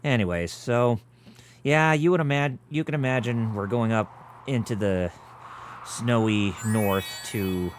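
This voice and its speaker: A man's voice: mid-range voice, measured pace, a little hiss or hum. A man co-hosting a game stream, explaining the story casually as he plays. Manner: explains the story plainly, many fillers. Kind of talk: casual chat while playing a game.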